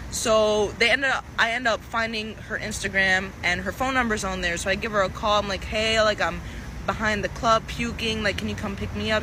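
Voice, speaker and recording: A young woman telling a storytime for social media. She talks casually and slangily, with lots of fillers and repeated phrases. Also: mid-range voice. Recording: noisy outdoor phone clip with traffic.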